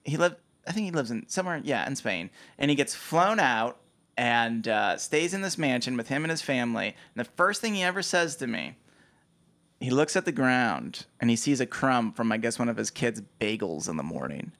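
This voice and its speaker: A young man co-hosting a podcast, telling a story with animated delivery and frequent laughter. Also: medium pitch, moderate pace. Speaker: podcast co-host. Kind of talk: casual chat.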